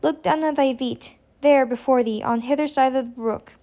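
A woman's voice: high-pitched, fairly even intonation, moderate pace, warm tone, natural voice. A woman reading the part of an anxious, troubled young mother in an old-fashioned storybook, with pleading, archaic speech. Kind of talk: audiobook character reading.

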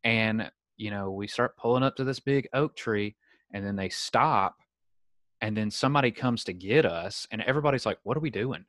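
A young man, hosting a podcast over a video call and telling a story in a casual, animated way. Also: on the low side, normal speed, dry recording. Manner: animated storyteller, acts out quoted voices. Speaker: podcast host.

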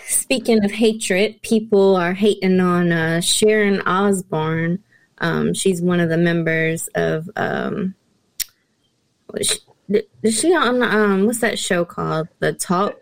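Low gravelly woman introducing topics. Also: no room sound, low-quality recording. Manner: introduces topics, many ums. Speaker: podcast co-host. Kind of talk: casual chat.

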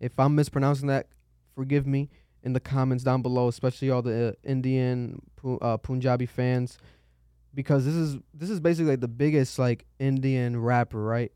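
A man hosting a podcast, talking through the news casually, animated and swearing, jumping up high when he quotes people. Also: a little fast, clean tone, dry recording, studio quality. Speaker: podcast host.

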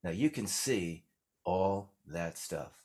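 Older american guy, kinda low voice, rambling stories w lots of "you know". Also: lively intonation, slow pace, darkish tone. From United States. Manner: rambling storyteller, many restarts and fillers. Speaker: singer-songwriter guest. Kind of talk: casual interview chat.

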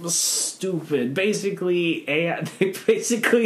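A podcast co-host riffing on a bad movie in casual chat, animated and mocking, acting out quotes in silly voices. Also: mid-range voice, moderate pace.

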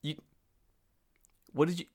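Animated, swearing man telling a story. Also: takes it slowly. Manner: animated, acts out both sides of a phone call, laughs often, swears a lot. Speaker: storyteller in a conversation. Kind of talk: casual profane storytelling chat. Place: lives and works in Japan.

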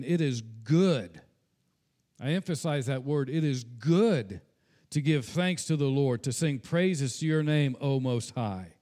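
A man's voice: medium pitch, darkish tone. A pastor preaching a sermon in an earnest tone, slipping into casual asides and repeating words when he speaks off the cuff.

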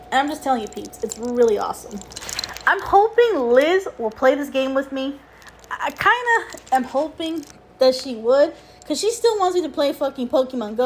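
Woman, high voice, casual podcast host, rambling, swearing, faint background hiss. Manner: rambling, swears freely, exasperated asides. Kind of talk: casual solo podcast chat about games.

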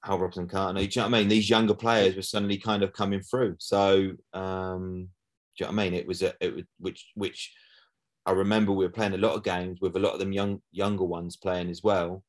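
A man's voice: sits low, little pitch movement, a little fast. A middle-aged man, a former footballer, chatting casually as a guest and often asking "do you know what I mean". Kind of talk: casual interview chat.

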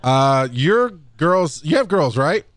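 A man's voice: fairly high pitch, very animated, no room sound. A man in a heated casual debate, cursing hard and stressing his words. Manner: profane, emphatic, drawn-out delivery.

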